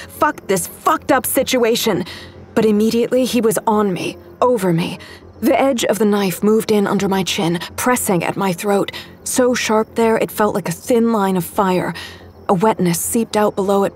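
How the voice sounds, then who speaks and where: A woman giving tense, intimate first-person dramatic narration in an audio drama. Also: medium pitch.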